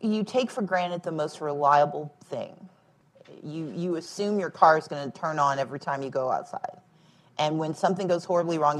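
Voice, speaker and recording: A woman in her forties speaks at an event in front of a live audience. Her voice sits low and carries a husky grain. She makes her points with everyday analogies and a wry, plainspoken delivery. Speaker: guest speaker, former candidate. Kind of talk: public conversation on stage.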